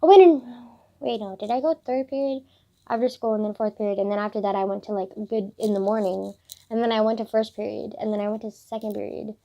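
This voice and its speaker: A woman's voice: medium pitch, fast, creaky, dark tone. A teenage girl vlogging a rambling story about her school day, chatty and full of fillers and swearing. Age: teens.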